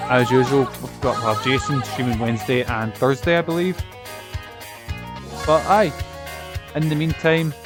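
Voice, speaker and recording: A man streaming a game, chatting casually, rambling with fillers and the odd swear. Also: medium pitch. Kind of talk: casual live-stream chat. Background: game music.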